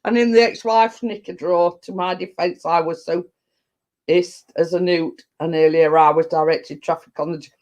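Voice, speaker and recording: A woman's voice: lowish voice, fairly even intonation, normal speed, darkish tone, highs cut off. A middle-aged woman, chatting casually to viewers and rambling along, often repeating herself and laughing. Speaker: vlogger reading viewer comments. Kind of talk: casual live chat.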